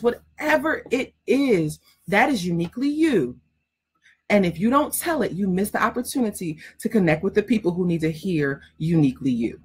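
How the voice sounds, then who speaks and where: Woman writing coach, husky breathy voice, emphatic, frank, repeats herself for stress. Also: mid-range voice. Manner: emphatic, repetitive, frank, laughs often. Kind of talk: casual direct teaching talk.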